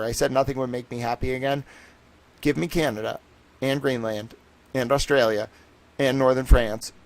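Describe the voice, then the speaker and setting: Profane, excitable young streamer. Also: male voice, mid-range voice. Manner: profane, joking, excitable, laughs often. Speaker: livestream host. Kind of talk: rambling livestream monologue.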